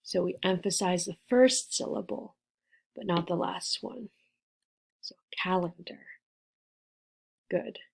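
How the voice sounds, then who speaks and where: A woman teaching a beginner English lesson, spelling out and repeating words slowly with careful, clear pronunciation. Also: lowish voice.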